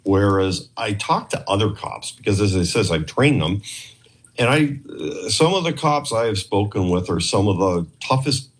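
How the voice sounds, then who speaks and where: With a voice on the low side and a breathy quality, a man from Canada talks at a moderate pace. He used to train police and now, as a podcast guest in a casual interview, he rambles through an animated story, voicing the quotes of its characters.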